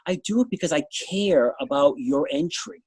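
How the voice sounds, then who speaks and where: A man's voice: sits high, wildly swooping pitch, vocal fry, a little mellow, breathy edge, no echo. A middle-aged man with a New England accent, a dog show judge answering interview questions in a blunt, rambling way. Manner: blunt, talks fast in bursts, trails off. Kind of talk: interview answer, candid anecdotes.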